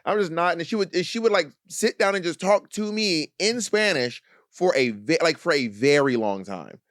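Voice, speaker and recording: A man's voice: fairly high pitch, dry recording, studio quality. A man co-hosting a podcast, telling stories in casual banter and acting out quotes. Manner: fast, animated storytelling with acted-out quotes. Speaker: podcast co-host.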